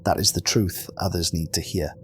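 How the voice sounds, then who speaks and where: A man voicing a calm, commanding archangel who speaks gently but with solemn, measured authority. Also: deep voice, faint music behind, close to an everyday voice. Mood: warm.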